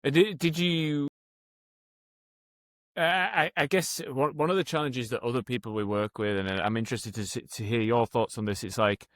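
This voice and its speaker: A male rehab coach hosts the conversation in a middle-pitched voice. He feels his way into each question, repeating and restarting words. The recording is dry and close. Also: steady tone, moderate pace, fairly bright tone, dry recording. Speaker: rehab coach and podcast host. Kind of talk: interview questions.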